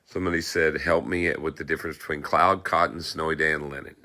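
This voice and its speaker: A man with a very deep, gravelly voice calls out viewer comments from off camera. He keeps it brief and dry, teasing now and then, and his tone has a bright, forceful edge. Faint noise sits behind him. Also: steady tone, fast. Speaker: helper reading viewer comments. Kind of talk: casual off-camera chat.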